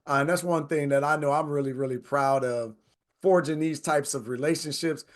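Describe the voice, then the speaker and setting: A man's voice: fairly high pitch, steady tone, moderate pace. Chatty man hosting a travel talk. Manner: chatty, conversational, says "right?" often. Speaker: travel tour host. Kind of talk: casual presentation.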